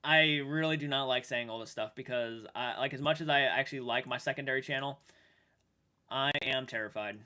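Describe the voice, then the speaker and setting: A man streaming live and chatting with viewers, emotional and halting, restarting sentences and swearing now and then while sounding shaken. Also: medium pitch, sharp tone. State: shaken and upset. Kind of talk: livestream chat with viewers.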